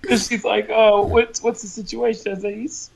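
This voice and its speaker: A man joining a podcast, telling a story in a relaxed, low-key way. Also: moderate pace, creaky, background noise. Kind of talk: casual storytelling.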